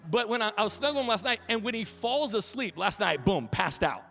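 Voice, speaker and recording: A pastor in his thirties, his male voice high-pitched and creaky, preaches at a fairly quick pace in a church sanctuary, with faint music and a faint crowd behind him. He tells family stories with laughs, his voice carrying as he acts out quotes.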